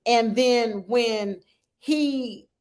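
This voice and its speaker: A woman's voice: on the high side, very slow, darkish tone. Emotional woman hosting a support talk. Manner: earnest, conversational, checks in with "right?" and "okay?". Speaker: host of a support group for grieving mothers.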